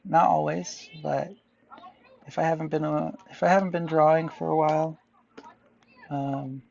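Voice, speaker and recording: A man's voice: fairly high pitch, little pitch movement, measured pace, vocal fry, darkish tone, dull audio. A man chatting casually as an artist vlogger while he draws, meandering and correcting himself with jokey asides. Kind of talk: casual rambling chat while drawing.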